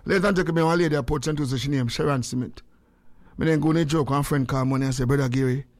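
A man's voice: medium pitch, quick pace, darkish tone, no echo. An older man in his sixties with a Jamaican accent, hosting a radio show in rambling, jokey casual chat. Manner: rambling, jokey, repeats phrases. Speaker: radio host.

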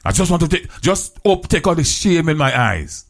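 A man preaching a sermon, retelling a Bible story in plain, creole-flavored English with repeated phrases and slow, drawn-out scripture quotes. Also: fairly high pitch, sing-song, creaky.

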